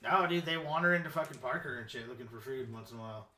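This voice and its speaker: A man, a musician guest on a podcast, telling stories in slow, drawn-out casual chat. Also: mid-range voice, sharp tone. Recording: echoey room.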